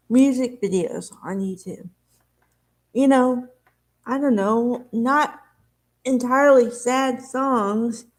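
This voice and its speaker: A woman vlogger speaks to her viewers in a slightly high voice. She takes her time, drawing out words in a slow, unhurried way. Her talk is candid and rambling, like a confession. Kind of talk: emotional casual talk to camera.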